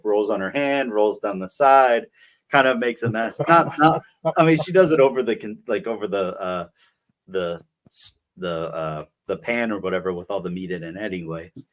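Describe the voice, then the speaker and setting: Rambling low-voiced young man. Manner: rambling, filler-heavy storytelling. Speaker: podcast co-host. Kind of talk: casual chat.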